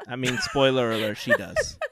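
Teasing man with a very lively pitch. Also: unhurried, very noisy. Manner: teasing, cuts in with jokes. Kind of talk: casual chat.

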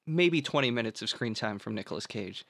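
A man's voice: on the low side, animated, brisk, a bit bright, no room sound. Dry-voiced rambling podcast man. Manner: rambling, filler-heavy, swears freely. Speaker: podcast co-host recapping the film plot. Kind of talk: casual podcast chat.

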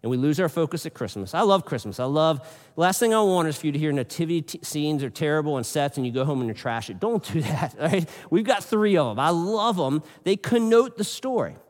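A man with a fairly high voice gives a sermon to a church congregation. He tells the story in a chatty, animated way and keeps turning to talk straight to the kids. His voice rings out with the long reverb of a large church hall. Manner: conversational, animated storytelling with quick asides to kids. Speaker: pastor.

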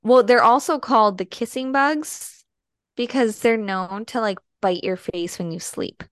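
A woman's voice: a little high, measured pace, dry recording, studio quality. Chatty squeamish woman from the Midwest. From American Midwest. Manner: chatty, squeamish, full of fillers. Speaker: podcast co-host. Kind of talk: casual chat.

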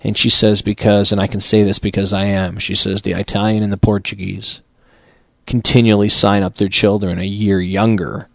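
Host, male, low voice, profane comic ranter who climbs to shouting, dry studio mic. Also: flat delivery, normal speed, vocal fry, no room sound. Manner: swears constantly, rising into shouted outrage. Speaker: podcast host. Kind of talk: profane comedic rant. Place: small studio booth.

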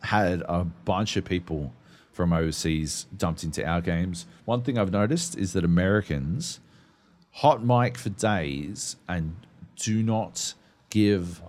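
A man's voice: deep voice, slow, a little mellow. A man, co-hosting a podcast, telling stories in a profane, rambling, casual way. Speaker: podcast co-host. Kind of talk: casual chat.

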